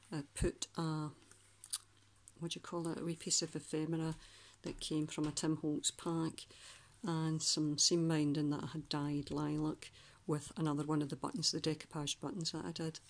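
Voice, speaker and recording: A Scottish woman doing a casual craft flip-through of a handmade journal, chatty and rambling, often pausing to search for words. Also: deep voice, little pitch movement.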